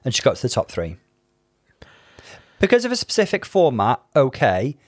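A man's voice: medium pitch, huge pitch swings, normal speed, no echo, clean studio sound. A man co-hosting a casual chat podcast, thoughtful and analytical, weighing stats and feelings. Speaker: podcast co-host.

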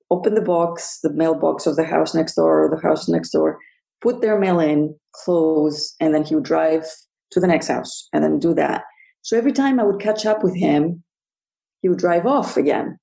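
Low, gravelly woman telling a story. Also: dark tone, poor audio. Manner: earnest, halting, with frequent restarts. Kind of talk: personal storytelling.

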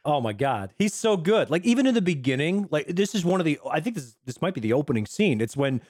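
A high-voiced man chats about a movie in a lively, swooping voice, laughing easily. His voice sounds dry and close to the mic. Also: dry recording. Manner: animated, laughing, does quick impressions. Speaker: podcast co-host. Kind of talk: casual movie review chat.

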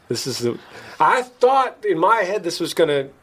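A man's voice: a little high, moderate pace, breathy edge. A man hosting a podcast, telling a story in casual chat and acting out the quoted lines with a lifted voice. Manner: animated, acts out quoted lines in a raised voice; laughs at himself mid-story. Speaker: podcast host.

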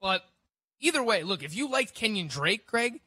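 A man breaking down football news on a casual fantasy sports radio show, chatty and quick. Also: sits high, big pitch swings, pushed and bright, no echo. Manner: quick, chatty analysis with restarts and laughs.

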